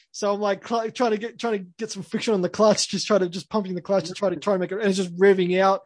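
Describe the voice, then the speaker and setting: A man's voice: high voice, steady tone, fast talker, hardly any pauses, darkish tone, no room sound. A young Australian man, a podcast co-host, telling a rambling story full of restarts and laughs. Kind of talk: casual storytelling.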